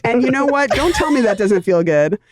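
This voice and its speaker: A woman from Canada co-hosting a parenting podcast, joking and rambling through fast asides. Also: fairly high pitch, big pitch swings, over a noisy crowd. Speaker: podcast co-host. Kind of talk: casual comedic chat.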